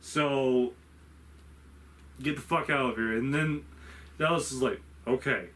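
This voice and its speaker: A man's voice: mid-range voice, takes it slowly, a bit bright. A man casually retelling a movie's plot for a spoiler review, rambling and swearing, acting out the characters' lines as he goes. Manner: rambling and profane, acts out lines from the film.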